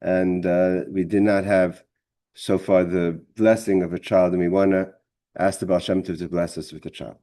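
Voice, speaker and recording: Low, mellow male Torah teacher. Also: flat delivery. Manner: halting, repeats words, many fillers. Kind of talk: storytelling in a religious class.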